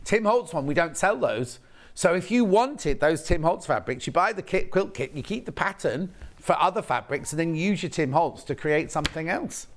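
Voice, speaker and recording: A man's voice: fairly high pitch, lively intonation, normal speed. Guy on shopping tv, chatty, showing off fabrics, bouncy voice going up and down. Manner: chatty, points out each fabric, reads viewer messages. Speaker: shopping channel presenter. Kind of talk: live TV sales demonstration. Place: TV studio.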